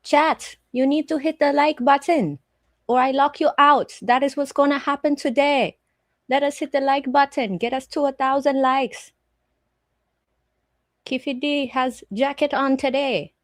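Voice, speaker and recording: A chatty woman hosting a live stream, with a fairly high voice that rambles through profane anecdotes. The sound is dry and close on the mic, with no room echo. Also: fairly even intonation, measured pace. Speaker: live stream host commenting on a trial. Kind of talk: casual live-stream chat.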